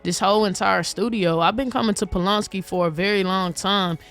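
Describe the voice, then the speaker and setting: A woman's voice: medium pitch, fairly even intonation, fairly quick, a bit bright, faint music behind. A woman guest on a chat show in a radio studio, talking earnestly about her own struggles. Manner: earnest, testifying. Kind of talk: casual chat.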